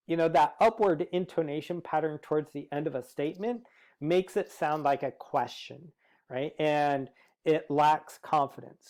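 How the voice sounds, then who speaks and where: Clear-voiced man giving a lecture. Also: fairly high pitch, a little mellow. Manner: explanatory, frequent "uh" fillers. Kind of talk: recorded lecture.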